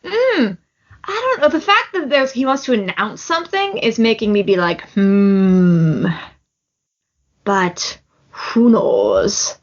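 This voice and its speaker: A woman's voice: a little high, huge pitch swings, measured pace, highs cut off. A woman hosting a podcast in casual chat, talking in a giggly, self-deprecating, chatty way. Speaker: podcast host.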